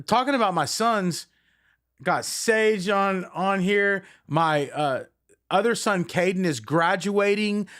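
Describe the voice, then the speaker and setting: A man's voice: high voice, a bit bright, clear, resonant tone. A middle-aged man and band frontman chatting casually and affectionately to viewers on a live stream, rambling with many fillers.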